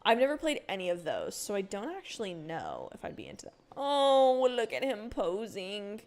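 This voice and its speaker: A young woman streaming a cozy video game, chatting casually with her viewers, rambling with lots of fillers and breaking into excited outbursts. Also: mid-range voice, moderate pace. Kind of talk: casual livestream chat while gaming.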